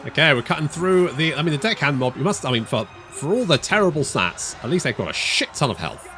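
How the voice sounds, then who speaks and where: Lively man commenting on a strategy game. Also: fairly high pitch, fast talker, music in the background. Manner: thinks aloud, restarts phrases, casual swearing. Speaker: strategy game let's player. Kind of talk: casual gameplay commentary.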